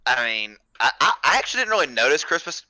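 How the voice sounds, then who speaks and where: Young man with a very bright, dry voice. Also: mid-range voice, very animated, quick pace, dry recording. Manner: hedging with "I mean", short agreeing replies. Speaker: podcast co-host. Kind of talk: casual recap chat.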